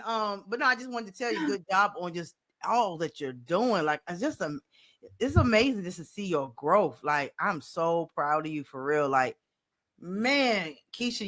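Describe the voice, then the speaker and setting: A woman coach hosting a podcast at a mid-range pitch. She talks in an easy, colloquial way and encourages her guest warmly. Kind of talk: casual interview.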